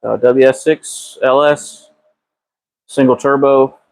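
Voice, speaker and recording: Gravelly and slow, with a medium pitch, this man streams live from his garage while fixing a transmission, the low-quality audio captured by his phone camera. He drawls in a laid-back way, cusses without hesitation, and responds to chat members by name.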